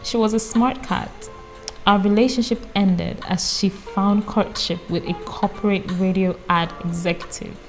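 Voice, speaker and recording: A woman's voice: mid-range voice, measured pace, faint music behind, poor audio. Woman reading aloud with chatty asides. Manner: reads calmly, breaks off for amused personal comments. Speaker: audiobook reader.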